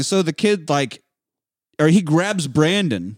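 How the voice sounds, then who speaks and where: A man casually recapping a movie with a co-host, profane and animated, acting out characters in sudden shouted voices. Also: a little high, moderate pace, no room sound, studio quality. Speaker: podcast co-host.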